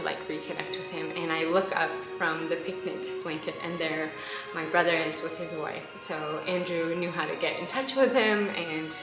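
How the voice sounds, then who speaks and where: A young woman with a slightly low voice tells a personal story straight to camera, chatty and emotional, with frequent little laughs and fillers. She sounds like she is in an echoey room, and faint music plays behind her. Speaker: vlogger.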